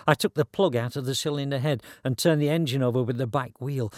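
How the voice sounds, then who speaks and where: A man's voice: medium pitch, fast talker, no room sound. A man narrating a story in a dry, wry, conversational way.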